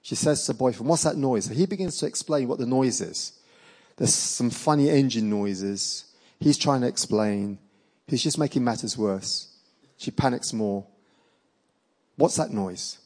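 A man preaching and telling a personal testimony as a story, acting out the dialogue with lively energy and laughing along. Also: medium pitch, a little slow, rough recording.

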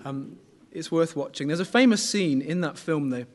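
Middle-aged man, sermon, conversational, slightly high pitch. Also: moderate pace. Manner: conversational, asks the congregation questions. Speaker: preacher.

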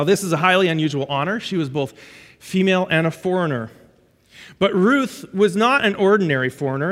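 A man preaching a sermon in an auditorium, telling stories in a lively way with frequent restarts. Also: sits high. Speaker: pastor. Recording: echoey auditorium with long reverb.

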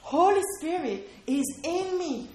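High-voiced woman preaching in a roomy space. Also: animated, slow, a little mellow, a little hiss or hum. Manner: conversational, keeps checking in with "okay?" and questions to listeners. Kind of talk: sermon. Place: room with a small responding audience.

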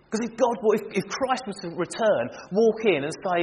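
A man preaching a sermon, animated and humorous, acting out everyday scenes to make his point. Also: high-pitched, moderate pace, hardly any pauses. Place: church. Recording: reverberant church hall with faint noise.

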